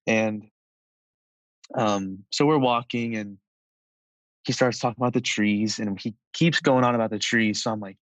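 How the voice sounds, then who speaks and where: A man of twenty-one, a podcast guest, telling a personal story in a relaxed, chatty way with frequent fillers. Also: fairly low pitch, measured pace, long pauses, no room sound, rough recording.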